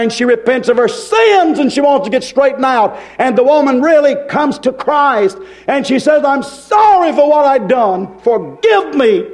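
A preacher man with a high, ringing voice delivers a fiery sermon. He talks in a folksy, impassioned way, climbing to hollers and then dropping low and quiet.

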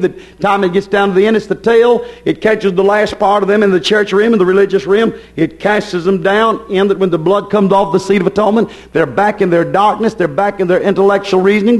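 A man preaching a sermon with fervor, building emphatic repetitions. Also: sits high.

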